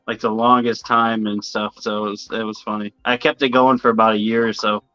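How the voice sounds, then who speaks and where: Guest, male, bright and forceful, dry and slightly dull lo-fi sound, loose and profane. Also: lowish voice, level tone, brisk, clean tone, no echo, faint music behind. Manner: rambling storyteller, swears casually. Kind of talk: casual interview chat.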